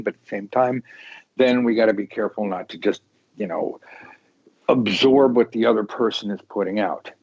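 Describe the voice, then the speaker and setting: A man hosting a casual tarot talk show, rambling and animated, with many restarts. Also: medium pitch, breathy edge, dry recording, lo-fi sound. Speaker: tarot podcast host. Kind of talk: casual chat.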